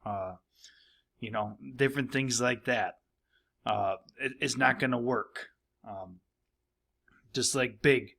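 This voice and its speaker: A man's voice: mid-range voice, slow, creaky, fairly bright tone. A middle-aged male teacher talking casually through a recorded grammar lesson for young students, with playful asides. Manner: casual and chatty, playful asides, acts out kids' voices. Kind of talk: recorded teaching video for third graders.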